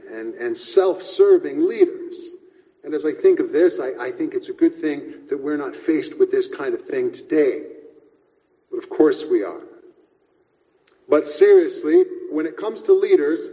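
A man preaching a sermon as pastor, measured and reflective, often restarting words as he speaks. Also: mid-range voice, mellow, in a large hall, poor audio.

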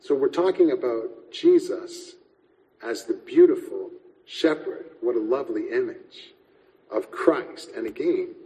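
A man preaching a sermon as pastor, measured and reflective, often restarting words as he speaks. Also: mid-range voice, warm tone, long reverb tail, rough recording.

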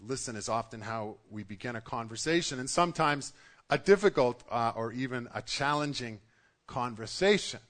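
A man's voice: medium pitch, animated, moderate pace, a bit bright. A middle-aged man preaching a sermon to his congregation in a conversational way, often restarting his sentences. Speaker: pastor.

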